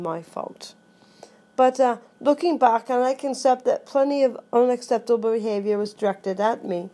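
A woman's voice: fairly high pitch, a little mellow. A woman talking casually to her viewers in a vlog and reading passages from a daily recovery book. Her delivery rambles and she often corrects herself mid-sentence. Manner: rambling, chatty, with self-corrections. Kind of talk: casual talk mixed with reading aloud.

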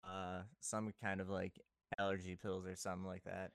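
A man in a band, talking in a relaxed, self-mocking way in a casual podcast chat. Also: deep voice, moderate pace, gravelly, clear, resonant tone, no room sound, clean studio sound. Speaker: band member guest.

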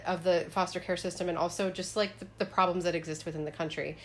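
A woman's voice: on the low side, steady tone, quick pace, slight background noise. A woman co-hosting a podcast in casual chat, talking emphatically and swearing freely. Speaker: podcast co-host.

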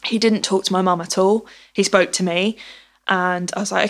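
A woman recounts something that happened to her in casual conversation, playing out each exchange with "I was like." She speaks fast in a mid-range voice with a flat delivery.

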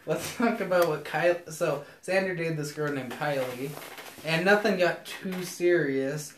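A man's voice: on the high side, unhurried, a bit bright. A man making blunt, mocking jokes in a casual chat. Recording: roomy echo with crowd noise.

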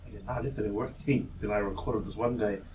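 NZ-man, casual podcast co-host, lively storyteller, distant mic, faint room noise. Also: on the low side, racing. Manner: animated storyteller, swears freely, acts out quotes.

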